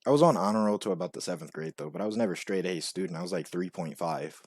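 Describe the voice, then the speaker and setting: A young man telling a rambling personal story, full of "like" and "you know", now and then acting out quoted voices much higher. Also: fast talker, darkish tone, slightly rough, dry recording. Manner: rambling, filler-heavy with frequent "like" and "you know". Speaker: vlogger. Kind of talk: casual storytelling monologue.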